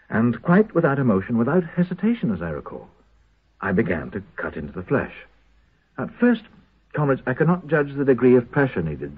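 An actor playing a haunted prisoner who makes a halting, intense confession to his comrades in a 1970s radio drama. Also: low-pitched, slightly rough, exaggerated voice. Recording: tinny lo-fi old radio broadcast.

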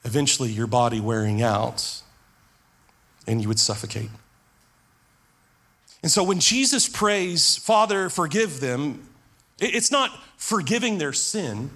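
A man's voice: high-pitched, bright, forceful tone. A man preaching a sermon as pastor, earnest, repeating words as he drives points home.

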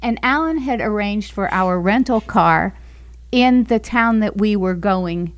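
Slow-speaking woman telling a story. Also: medium pitch. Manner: slow, storytelling with frequent laughs. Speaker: guest. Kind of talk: testimony in a Christian talk show.

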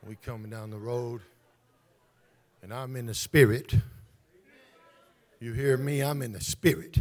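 A man's voice: mid-range voice, unhurried. A man preaching a fervent sermon as pastor, calling out to his congregation. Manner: fervent, call-and-response preaching.

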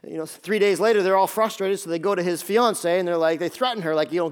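A male pastor preaching a sermon, retelling a story in a lively, joking way and acting out the characters' lines. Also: high-pitched, quick pace, few pauses, smooth. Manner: lively storytelling, acts out voices.

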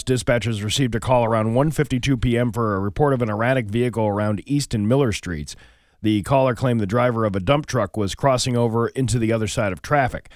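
A man's voice: medium pitch, no room sound, studio quality. A man hosting a morning radio show, telling jokes and reading local news, often restarting his sentences. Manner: joke-telling, hesitant with restarts. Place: radio studio.

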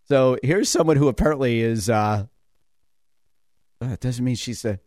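A man's voice: medium pitch, moderate pace, darkish tone, no room sound, clean studio sound. A man hosting a talk radio show, rambling casually with lots of fillers and chuckles. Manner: chatty, digressive, many fillers and chuckles. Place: radio studio.

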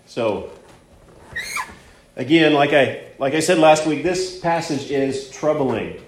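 A man preaching a sermon, hushed in prayer and rising to emphatic points. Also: a little high, animated, slow, reverberant, a little hiss or hum. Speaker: pastor.

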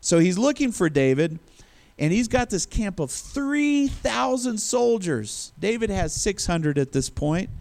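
A man's voice: high-pitched, very animated, a little slow, vocal fry, darkish tone. A male preacher giving a sermon in a conversational storytelling manner. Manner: conversational storytelling, acts out quotes.

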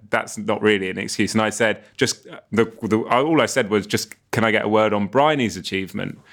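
A racing presenter with a fairly low voice chats on a podcast. He tells long, meandering stories, pokes fun at himself and breaks into laughter often. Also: fairly bright tone. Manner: rambling storyteller, laughs often, self-mocking. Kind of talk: casual podcast chat.

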